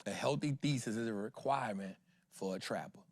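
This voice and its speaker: A man with a lowish voice hosts an investing show as a casual livestream, talking a little fast in slangy, emphatic language and throwing rhetorical questions at his viewers. The recording has no echo.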